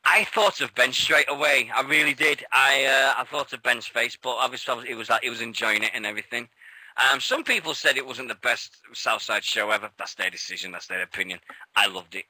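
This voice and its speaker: A British man co-hosting a radio show in casual chat, an excitable storyteller who laughs often and swears freely. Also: medium pitch, brisk, dry recording, poor audio. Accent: British English.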